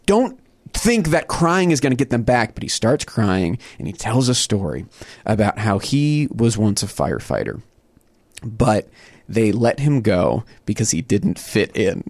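A man chatting casually as a podcast co-host, retelling a story with lots of energy. His pitch swings widely as he jumps into quick impressions of the people involved. The sound is close and dry, with almost no room echo. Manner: animated, briefly mimics people in his stories. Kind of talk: casual chat, comic storytelling.

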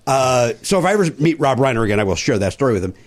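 A middle-aged man telling show-business stories in casual chat, animated and quick to slip into voices. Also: mid-range voice. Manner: animated storyteller who slips into voices. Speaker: comedy warm-up performer and guest.

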